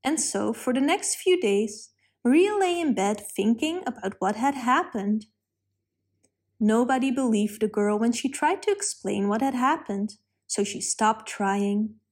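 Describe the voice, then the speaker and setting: A woman narrating a children's storybook in a calm, clear read-aloud manner. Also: fairly high pitch, measured pace.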